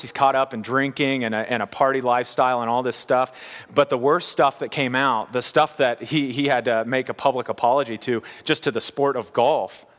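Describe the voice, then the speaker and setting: A man's voice: medium pitch, a bit bright. A man preaching a sermon, earnest and pleading, often repeating phrases for emphasis. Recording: reverberant hall.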